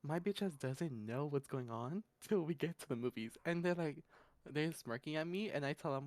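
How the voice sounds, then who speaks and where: A slangy, blunt podcast host tells a long story in loose, casual chat, laughing often and padding with "da, da, da." The voice sits at a middling pitch and sounds dry and close. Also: a little fast, darkish tone, no echo. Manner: rambling, laughs often, fills gaps with "da, da, da".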